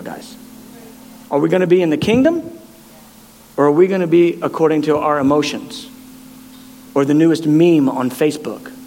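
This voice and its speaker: High-voiced impassioned preacher in reverb. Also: male voice, darkish tone, slight background noise. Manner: impassioned, with stammered repeats. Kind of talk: sermon.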